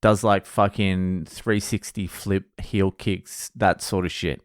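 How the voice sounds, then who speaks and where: A man's voice: low-pitched, fairly even intonation, slow pace, clean tone, no room sound, clean studio sound. An Australian man hosting a solo podcast, rambling and self-mocking, with heavy swearing in casual talk. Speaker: podcast host.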